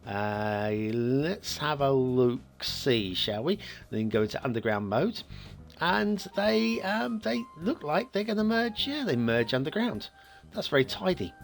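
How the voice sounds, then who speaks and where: Lively, chuckling man reviewing game maps. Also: mid-range voice, measured pace, gravelly, faint music behind. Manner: rambling, chuckles often, self-mocking asides. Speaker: map review show host. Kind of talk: casual gameplay commentary.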